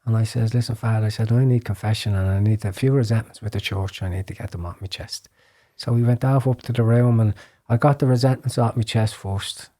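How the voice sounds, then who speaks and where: This is an Irish man with a lowish voice, telling his personal testimony as a podcast guest. His tone is dark and mellow, and he speaks earnestly. He stumbles over repeated words and sometimes drops to a hushed whisper. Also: steady tone, fairly quick. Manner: earnest storytelling, drops to a hushed whisper when recalling prayers; frequent repeated words and restarts.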